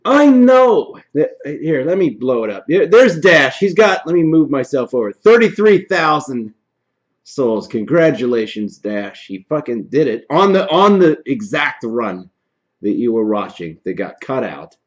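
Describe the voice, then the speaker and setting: A man streamer telling his viewers a story in casual talk, animated and profane, swinging from low mutters to shouting, worn out from no sleep. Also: a little slow, muffled recording. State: tired from no sleep.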